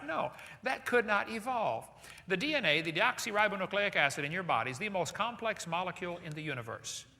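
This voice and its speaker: Bright, lively man lecturing in an echoey hall. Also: high-pitched, gravelly. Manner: rhetorical questions with joking asides. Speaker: seminar speaker. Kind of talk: live lecture to an audience. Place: lecture hall with live audience. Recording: echoey hall with long reverb.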